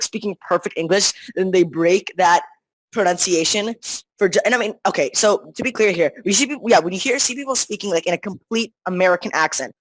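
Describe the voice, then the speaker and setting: A teenager talks in a loose, rambling way, circling back with constant restarts and fillers. The pitch sits in the middle range. The recording is dry and close, with no room sound. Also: no echo, poor audio. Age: teens. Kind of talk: casual chat.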